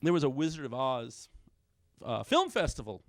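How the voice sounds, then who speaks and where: A middle-aged man doing a stand-up comedy set, self-deprecating, with quick punchlines and short bits where he acts out his kids. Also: medium pitch, big pitch swings, dry recording, clean studio sound. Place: small comedy stage with a live audience.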